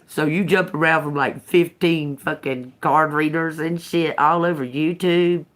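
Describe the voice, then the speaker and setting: A woman's voice: low-pitched, steady tone, measured pace. A woman doing a casual tarot reading, swearing, laughing often and talking to viewers as y'all. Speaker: tarot reader. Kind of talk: casual live tarot reading, reacting to chat.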